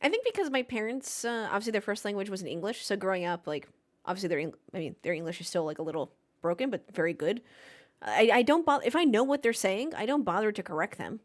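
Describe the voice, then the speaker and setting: A woman's voice: medium pitch, expressive, fast talker. A woman hosting a live race watchalong, joking casually and chatting with her viewers. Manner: playful, jokey, chatty with her live chat. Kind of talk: casual live-stream chat.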